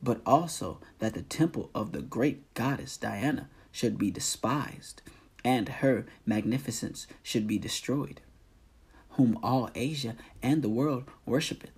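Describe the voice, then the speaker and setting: A man's voice: medium pitch, vocal fry, darkish tone, husky. Man reading as an aggrieved old-style silversmith. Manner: slow, deliberate scripture reading. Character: angry male silversmith rousing fellow craftsmen. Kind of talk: solemn scripture reading.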